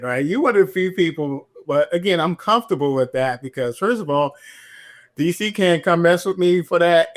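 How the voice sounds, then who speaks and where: On a podcast, a middle-aged man who works as a police officer shares his experience candidly and with animation. He acts out what others said, his pitch jumping up for each quote.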